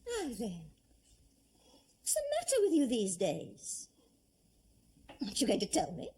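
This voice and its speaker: An actress playing a firm but kindly aristocratic mistress of a household. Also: female voice, fairly high pitch, wildly swooping pitch, measured pace, vocal fry, slight background noise, full character voice. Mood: coaxing. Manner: authoritative, then gently reassuring. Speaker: lady of the house. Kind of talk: period television drama.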